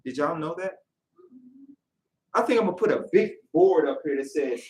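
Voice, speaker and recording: A man's voice: on the high side, expressive, moderate pace, pauses often, darkish tone. A man leading a Sabbath lesson, talking conversationally and checking in with rhetorical questions. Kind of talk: lesson with storytelling. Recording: roomy echo, mic at a distance.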